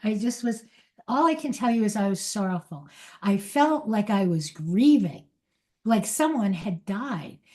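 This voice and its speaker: A middle-aged woman gives a spiritual talk to her community, telling a personal story with frank, confessional honesty. She speaks at an everyday middle pitch, stops and restarts her sentences, and often laughs at herself as she goes. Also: lively intonation, unhurried, dark tone. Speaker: spiritual teacher.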